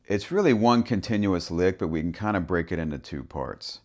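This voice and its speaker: A man with a very deep voice teaches a harmonica lesson. He talks through the rhythm in a relaxed way, stopping to sound out short syllables as he explains each part. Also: moderate pace. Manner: relaxed, thinking aloud, speaks rhythm syllables and soft whispers. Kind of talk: instructional explanation with vocal rhythm demonstrations.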